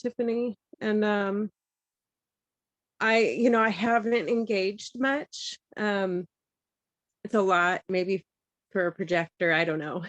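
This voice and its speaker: A woman's voice: medium pitch, no room sound. Teary woman sharing on a video call. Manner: halting, grateful, laughing through tears. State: teary and emotional. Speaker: participant sharing in the circle.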